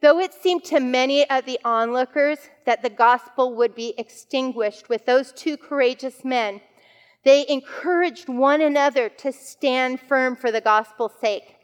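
Woman, women's Bible teacher, chatty storytelling, slightly high voice, long hall reverb. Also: measured pace, clean tone, muffled recording. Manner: conversational storytelling with fillers. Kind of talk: devotional teaching talk.

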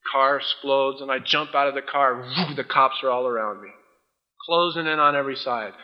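Speaking at a moderate pace in a mid-range voice, a man delivers a sermon as a pastor. He brings a courtroom tale to life by acting out both the judge and the defendant. The sound quality is dull and lo-fi.

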